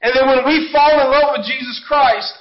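A pastor preaching an earnest, conversational sermon. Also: male voice, very high-pitched, steady tone, normal speed, dull audio.

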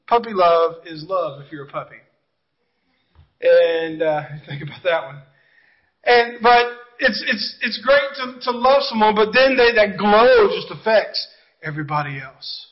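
A pastor preaching an earnest, conversational sermon. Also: male voice, sits high, animated, normal speed, muffled recording.

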